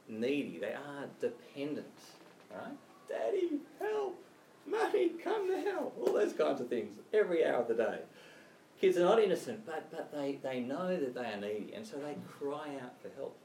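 A man preaches in a chatty way, with a lively, rising and falling pitch. The recording is roomy, with the mic set well back from him. There is faint ambience behind him. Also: recorded from a distance, a little hiss or hum. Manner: conversational, chatty with frequent "right?" and "you know". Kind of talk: sermon.

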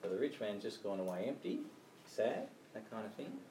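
A man preaches in a chatty way, with a lively, rising and falling pitch. The recording is roomy, with the mic set well back from him. There is faint ambience behind him. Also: moderate pace, recorded from a distance, a little hiss or hum. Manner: conversational, chatty with frequent "right?" and "you know". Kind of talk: sermon.

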